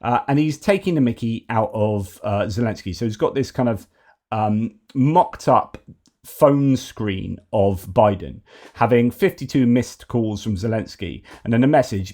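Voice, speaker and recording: A man's voice: medium pitch, lively intonation, a little slow, darkish tone. Man giving casual news commentary. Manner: conversational, rambling, with many fillers and restarts. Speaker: host of a news commentary channel.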